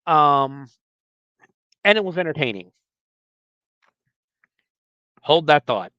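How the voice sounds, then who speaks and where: A man hosts a podcast and recaps a movie in a loose, rambling way. He corrects himself often and acts out the characters' lines. His smooth voice sits a little high, and the close mic keeps the sound dry. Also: measured pace, no echo, dull audio. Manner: rambling, animated, frequent fillers and self-corrections. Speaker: podcast host.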